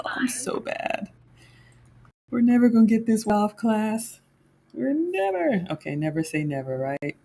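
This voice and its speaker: Low-pitched woman home cook, chatty and folksy, calls her viewers "y'all" while she bakes at home. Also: dark tone. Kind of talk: casual chat reviewing a baking class. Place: home kitchen.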